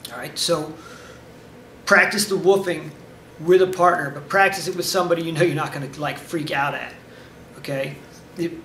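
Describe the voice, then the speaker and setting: A man's voice: a little high, a bit bright, a little hiss or hum. A man, a karate instructor, giving casual instructional talk in a direct coaching manner, often checking in with "okay?". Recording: echoey room, mic at a distance.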